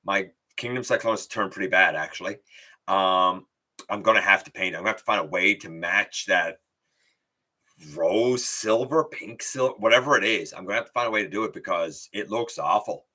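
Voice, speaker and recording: A man's voice: deep voice, brisk, pushed and bright. A man hosting a casual live stream, talking bluntly and thinking aloud with fillers as he gives his opinions. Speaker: toy review channel host.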